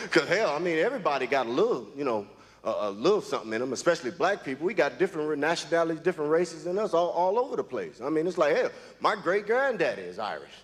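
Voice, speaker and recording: A man doing a stand-up set in a comedy club, delivering jokes in a halting, drawn-out way with lots of pauses and fillers. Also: on the high side, very animated. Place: comedy club stage before a live audience. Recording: live club recording with hall echo and audience laughter.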